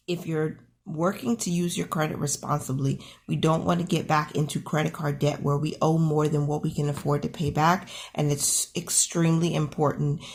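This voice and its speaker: Woman in her thirties, low voice, gravelly morning voice, friendly budgeting vlog walkthrough, encouraging. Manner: friendly and encouraging, talks through numbers aloud. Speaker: budgeting channel host. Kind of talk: casual screen-share budget walkthrough.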